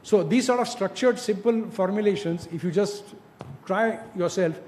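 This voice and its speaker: A man's voice: high-pitched, normal speed, darkish tone, a little hiss or hum. A man giving direct, coaching advice to students in an informal talk, often asking rhetorical questions. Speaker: industry speaker mentoring students.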